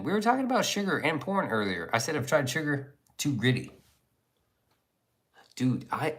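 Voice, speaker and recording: A man's voice: mid-range voice, animated, fairly quick, fairly bright tone. Guy rambling on a livestream, crude jokes, voice bounces all over. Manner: crude, joking, rambling banter. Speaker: livestream host. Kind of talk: casual livestream chat reading.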